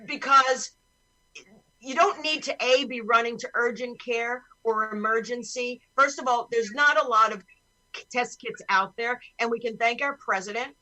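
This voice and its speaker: A woman hosts a podcast over a video call and rants in a blunt, profane way. Her voice is bright and set a little high. She talks as casual chat with friends. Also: poor audio. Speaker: podcast host.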